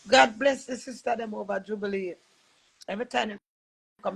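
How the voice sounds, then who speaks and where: A woman's voice: medium pitch, moderate pace, gravelly, slightly rough, low-quality recording. A woman with a Jamaican accent on a live stream, earnest and preachy, switching between patois and English, emotional while recovering from illness. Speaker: livestreamer.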